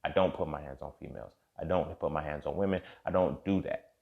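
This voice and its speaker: A man's voice: extremely low pitch, quick pace, gravelly, dull audio. A young man, candidly telling a personal story in a casual monologue and acting out the dialogue. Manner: candid and profane, reenacting dialogue, heated in spots.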